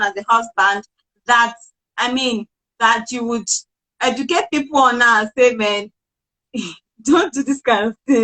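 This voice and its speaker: A woman's voice: fairly high pitch, sharp tone, rough recording. A woman hosting an interview, asking long, rambling questions full of fillers. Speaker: host.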